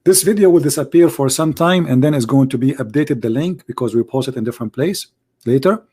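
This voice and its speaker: A hoarse man hosting a livestream on religion, speaking emphatically in broken English and firing off rhetorical questions. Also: medium pitch, fairly quick, warm tone. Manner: emphatic, rhetorical questions, non-native grammar. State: hoarse, voice nearly gone. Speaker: livestream debate host. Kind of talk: live-streamed religious polemic.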